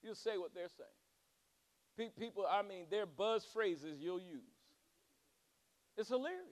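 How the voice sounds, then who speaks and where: Male pastor, very high voice, fervent sermon with joking asides. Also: measured pace. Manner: preaching with rising fervor and humorous asides.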